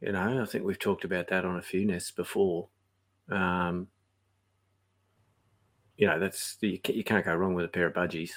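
Low-voiced aussie bloke cracking jokes, teasing, laid back podcast chat. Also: male voice, flat delivery, normal speed, pauses often. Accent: Australian. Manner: joking, teasing. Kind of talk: casual chat.

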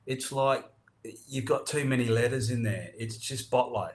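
A man's voice: mid-range voice, fairly even intonation, moderate pace. A man with an Australian accent co-hosting a casual comedy chat, teasing drily and full of Aussie slang. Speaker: podcast co-host.

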